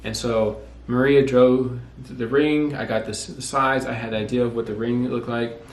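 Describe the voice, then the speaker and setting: A man's voice: mid-range voice, steady tone, moderate pace. A young man in his twenties casually telling how he and his wife got engaged, rambling and correcting himself as he goes. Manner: rambling, self-correcting, quotes himself often. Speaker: vlogger telling couple's story. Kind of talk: casual storytelling. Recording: echoey room with faint noise.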